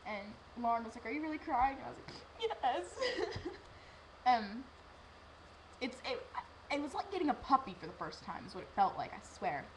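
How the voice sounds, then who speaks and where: A teenage girl vlogger tells a personal story, rambling and emotional, livening it up by acting out what people said. Her voice is a little high and brisk with frequent pauses, and the low-quality recording carries slight background noise.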